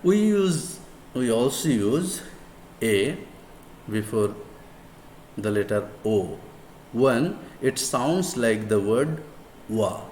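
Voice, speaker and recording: A man whose first language is Bengali, with a Bangladeshi accent, teaching English grammar in a deliberate lecture style and repeating words and examples for emphasis. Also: medium pitch, animated, darkish tone. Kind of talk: slow classroom lecture. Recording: echoey room with faint background noise.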